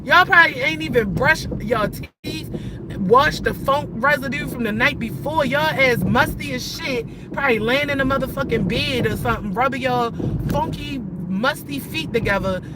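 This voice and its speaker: A woman's voice: sits high, moderate pace. A woman in her thirties on a live stream, cursing and ranting heatedly at viewers while she drives. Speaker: livestreamer. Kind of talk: angry live-stream rant. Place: inside a car while driving. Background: faint car noise.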